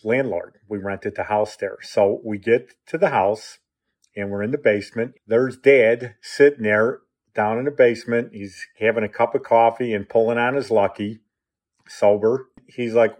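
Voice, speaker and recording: A man's voice: on the low side, fairly even intonation, normal speed, darkish tone. A man telling a personal story in a conversational way, acting out quotes. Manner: conversational, acts out quotes with "I go, he goes".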